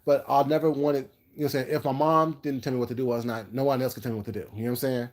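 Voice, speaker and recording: A man's voice: mid-range voice, fairly even intonation, rapid-fire. Male vlogger, casual storytelling, rambling and sassy, brash and confident delivery. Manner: rambling, jumps between topics; brash, sassy and self-assured. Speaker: food vlogger.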